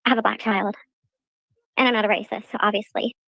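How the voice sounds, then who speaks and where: A woman streamer in a played clip with a raspy voice, retelling events in an indignant, sarcastic way. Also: mid-range voice, fairly even intonation, fairly quick, fairly bright tone, dry recording, low-quality recording. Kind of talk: casual livestream talk.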